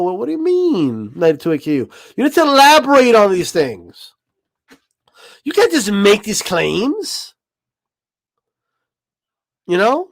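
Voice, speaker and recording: A man's voice: high-pitched, sing-song, normal speed, pauses often, fairly bright tone, no echo. A man hosting a boxing livestream, rambling and swearing in a casual rant, always asking if you know what he means.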